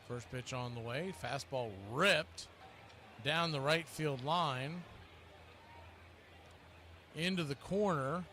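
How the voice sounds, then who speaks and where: A man's voice: a bit bright, a little hiss or hum. A man calling live baseball play-by-play with a wry, chatty manner, often correcting himself. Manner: wry, self-correcting, chatty between pitches. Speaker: play-by-play announcer.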